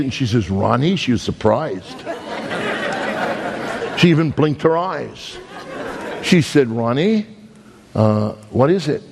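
A man with a Brooklyn accent preaching a sermon, telling stories and pressing his points with big swings in his voice. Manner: storytelling, dramatic swings in pitch, emphatic. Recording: long hall reverb.

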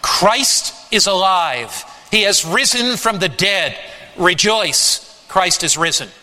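Male preacher, sermon, high voice, bright and forceful, long hall reverb. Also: animated. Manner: slow, emphatic preaching with dramatic pauses. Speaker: pastor.

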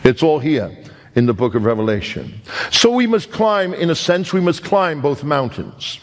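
An older man from New York preaching a sermon, emphatic and deliberate, slowing down on key phrases and then rushing through asides. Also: a little high, sing-song. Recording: long reverb of a large hall.

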